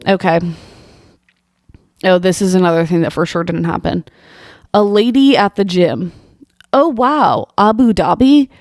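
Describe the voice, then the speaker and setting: A woman's voice: lowish voice, normal speed, long pauses, no room sound, clean studio sound. Incredulous woman riffing on posts. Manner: incredulous, exasperated, animated rhetorical questions. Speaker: podcast host. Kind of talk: comedic commentary reading posts aloud.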